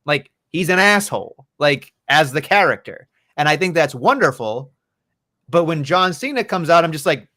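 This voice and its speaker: A man's voice: fairly high pitch, lively intonation, moderate pace, pushed and bright. A man co-hosting a podcast, chatting casually about wrestling in a rambling, profane way. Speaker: podcast co-host.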